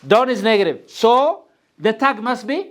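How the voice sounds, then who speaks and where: A man's voice: high-pitched, big pitch swings, a little fast. A man teaching an English grammar lesson in a classroom, quizzing his students and mixing English with Amharic.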